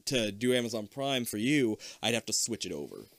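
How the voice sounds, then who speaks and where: A young man co-hosting a podcast, chatting casually and reading a kids' book aloud, animated and swearing freely. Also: on the low side, brisk, gravelly, no echo, clean studio sound. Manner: animated, swears freely, goes loud when upset.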